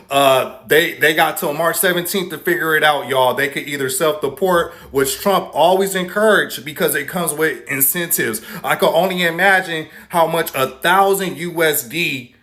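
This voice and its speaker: A man jokes his way through casual vlog commentary with a wry edge. His voice is bright and fairly high. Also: moderate pace, hardly any pauses.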